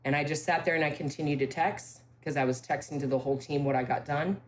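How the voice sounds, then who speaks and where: A woman from a ranch telling ghost stories in casual talk, emphatic, with halting restarts and key phrases repeated. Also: low-pitched, steady tone. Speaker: ranch staff member interviewed about ghost stories. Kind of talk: casual spoken storytelling.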